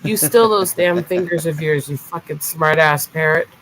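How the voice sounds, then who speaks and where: A woman's voice: low-pitched, moderate pace, a bit bright, slight background noise, low-quality recording. A woman in a casual livestream chat, talking with a sassy, teasing edge and some swearing.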